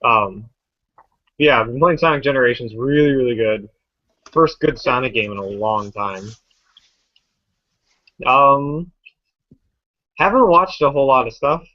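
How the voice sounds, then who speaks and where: A relaxed young man in his twenties chatting on a podcast, often pausing on "um". The sound is dry and close, with a dull, lo-fi quality. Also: mid-range voice, dry recording. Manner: relaxed, with frequent "um". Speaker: podcast co-host. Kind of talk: casual chat.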